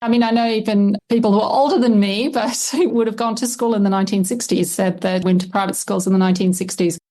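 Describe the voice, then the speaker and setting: A middle-aged woman with an Australian accent speaks as an interview guest, laying out her points carefully. She explains at length and softens claims with small hedges as she goes. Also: medium pitch, steady tone, fast talker. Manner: thoughtful, explanatory, hedges with "I guess". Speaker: historian and lexicographer guest. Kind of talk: conversational interview answers.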